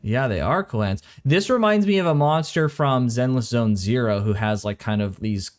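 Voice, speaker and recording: A relaxed man co-hosting a livestream from a home recording room, his voice sitting at an ordinary middle pitch. He rambles in a loose, casual way and swears without fuss. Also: normal speed. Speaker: co-host of an anime reaction stream. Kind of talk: casual chat.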